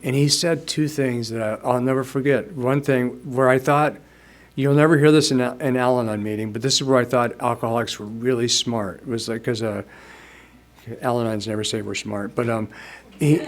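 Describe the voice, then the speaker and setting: Guy in his 60s telling his story at a meeting, rambly and laid back, chuckles a lot, normal pitch. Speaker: speaker at a recovery meeting. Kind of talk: personal storytelling testimony.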